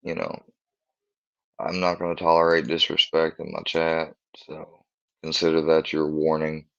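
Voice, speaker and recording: A man live streaming from home in a casual chat, talking in a halting way as he searches for his words, on dull lo-fi stream audio. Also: a bass voice, monotone, vocal fry, fairly bright tone, no echo.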